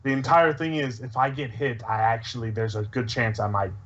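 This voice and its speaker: A man's voice: medium pitch, steady tone, fairly quick, fairly bright tone. A man chatting as a player in a tabletop game, hesitant. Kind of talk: casual tabletop game chat. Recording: dull lo-fi recording.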